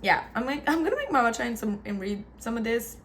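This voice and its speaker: A woman's voice: a little high, big pitch swings, fast talker. A young woman booktuber chatting casually, rambling and gushing emotionally about books and a film. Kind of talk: casual chat. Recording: faint background noise.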